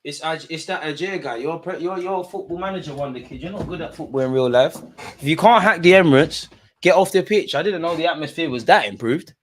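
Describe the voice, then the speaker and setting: A young man, streaming a live football watchalong, shifting between nervous muttering and loud outbursts at the referee. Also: mid-range voice. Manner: animated, swings from muttering to shouting at the ref. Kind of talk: live match reaction commentary.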